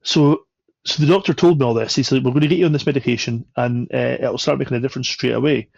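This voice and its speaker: A man's voice: medium pitch, quick pace, vocal fry, no echo, highs cut off. A man, a podcast guest, telling a story casually and animatedly, acting out the voices of the people in it. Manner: animated, acts out quoted voices.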